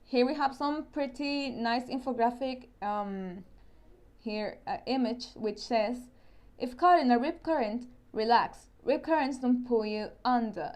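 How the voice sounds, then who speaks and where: Woman teacher, Spanish accent, slightly high voice, careful explainer who repeats herself. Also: expressive, a little slow, darkish tone. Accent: Spanish-speaking. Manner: explains step by step, often repeats and restarts words. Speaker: science teacher. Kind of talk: recorded online science lesson.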